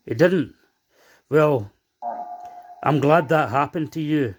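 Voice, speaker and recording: A man with a fairly high voice, running a ghost-hunting session and firing stern, accusing questions at the spirit. Faint noise and clicks sit behind him. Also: measured pace, long pauses. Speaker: paranormal investigator host.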